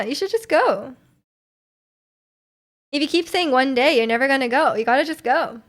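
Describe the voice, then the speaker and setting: High-pitched young woman streamer, chatty and giggly, reading chat aloud in a relaxed casual tone at a home streaming setup. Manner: chatty and giggly, with frequent laughs and filler words. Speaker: livestream host.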